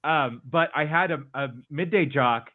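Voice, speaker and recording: A man's voice: on the high side, measured pace. A man co-hosting a casual chat, telling an easygoing anecdote with chuckles. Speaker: co-host. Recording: tinny phone-like line.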